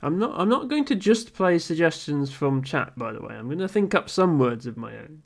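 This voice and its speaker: A man streaming a word game and chatting casually with viewers in a dry, amused way, thinking aloud with soft chuckles and ums. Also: a little high, sing-song, moderate pace, creaky.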